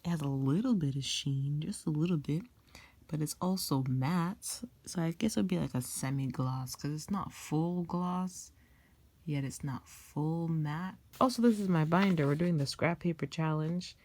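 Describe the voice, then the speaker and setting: A woman casually talking through her drawing process, chatty and sometimes dropping to a soft near-whisper. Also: low voice, moderate pace. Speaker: art vlogger. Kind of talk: casual narrated drawing tutorial.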